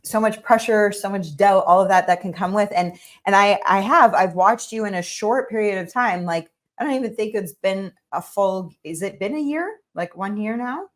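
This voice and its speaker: A woman's voice: medium pitch, normal speed, few pauses. A woman hosting a podcast interview, talking in an encouraging, effusive way with many fillers. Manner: encouraging, effusive, heavy use of "like". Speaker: podcast host. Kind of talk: casual interview chat.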